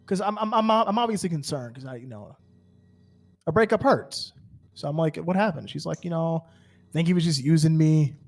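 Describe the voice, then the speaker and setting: A man roleplaying on a game server rambles through an in-character story in casual chat, stumbling over fillers and stammered restarts. He speaks at normal speed in an expressive voice with a fairly high pitch.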